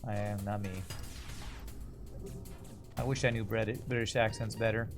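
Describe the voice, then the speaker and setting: Chatty American streamer, music behind. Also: male voice, lowish voice, steady tone, measured pace. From Texas, USA. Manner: chatty, rambling, reads chat aloud. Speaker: game streamer. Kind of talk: casual gameplay commentary with chat. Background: faint game music.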